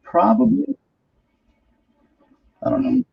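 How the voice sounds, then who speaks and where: Man, gravelly, husky, casual livestream chatter, rambling, mild swearing. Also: very high voice, animated, slow, lo-fi sound. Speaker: comic artist streaming while inking. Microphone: close microphone.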